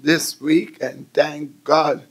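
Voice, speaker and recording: High-voiced, unhurried preaching man. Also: level tone, vocal fry. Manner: rhythmic preaching with repeated "my God" refrains, building to shouts. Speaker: preacher filling in for the bishop. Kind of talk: radio sermon.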